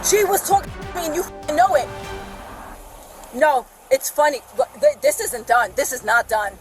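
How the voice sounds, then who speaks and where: A woman shouting and cursing angrily at police officers during an arrest at a roadside. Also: sits high, very animated, normal speed. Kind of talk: heated argument with police. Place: outdoors by a roadside. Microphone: police body camera. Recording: distant body-cam audio with music.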